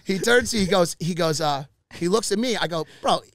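A man on a podcast telling an animated story, swearing often and acting out what other people said. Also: high voice, moderate pace, no echo, clean studio sound. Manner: animated, swears a lot, acts out quotes. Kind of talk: animated storytelling, casual chat.

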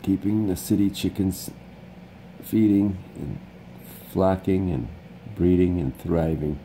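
Deep-voiced rambling man vlogging. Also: steady tone, takes it slowly, dark tone, slight background noise, rough recording. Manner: rambling, chatty, upbeat pep talk. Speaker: vlog host. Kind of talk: casual rambling vlog.

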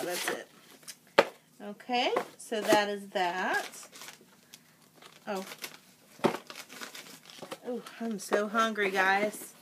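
A woman's voice: medium pitch, heavy background noise. A woman vlogger chatting casually through a product haul at home, talking while she eats.

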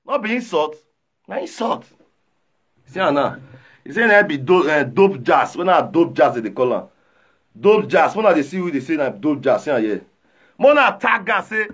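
A man with a Nigerian accent, chatting live and reading viewer comments aloud, animated, often shouting and repeating himself. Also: a little high, normal speed, husky. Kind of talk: casual live-stream chat.

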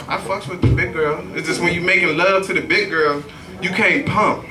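A man's voice: high-pitched, steady tone, normal speed. A man doing a stand-up comedy set at an open mic, telling loose, profane stories. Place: comedy club stage. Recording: echoey club heard from far off.

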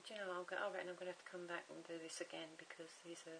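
Middle-aged woman chatting away doing a craft tutorial at home, lowish voice, faint hiss on the recording. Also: level tone, racing, creaky, a bit bright, low-quality recording. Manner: chatty and rambling, muttering to herself as she works.

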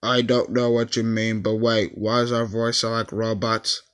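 A man's voice: lowish voice, level tone, normal speed, fairly bright tone, clean tone. A man voicing a homemade cartoon blooper skit, calling cuts and takes in a plain, matter-of-fact way. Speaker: video maker voicing his own blooper skit.

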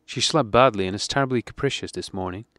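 A man's voice: on the low side, fast, a bit bright, no room sound, studio quality, lightly acted. Man voicing a weary, motherly sister. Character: tired, motherly older sister.

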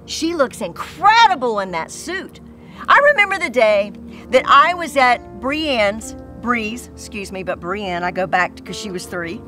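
A woman's voice: on the high side, lively intonation, a little slow, bright, forceful tone, faint music behind. A woman pastor preaching a sermon to mothers, earnest and repetitive as she tells stories.

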